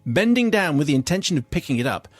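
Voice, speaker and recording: A man's voice: very animated, quick pace, no echo. A man, a radio host, reading a listener's funny letter aloud with comic flair. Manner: comic storytelling, swings into high squeals for the letter writer's cries. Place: radio studio.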